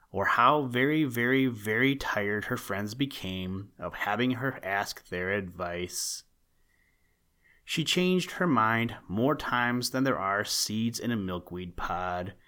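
A man reading a children's story aloud in a measured, gentle way as a podcast host. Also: lowish voice. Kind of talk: storybook narration.

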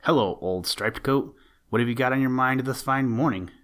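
A bright, inquisitive rabbit calling out a friendly greeting, put on by a man reading a storybook. The voice sits fairly low. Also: animated, normal speed. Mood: cheery. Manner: cheery, curious. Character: cheerful, inquisitive male rabbit. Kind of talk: storybook character voice.

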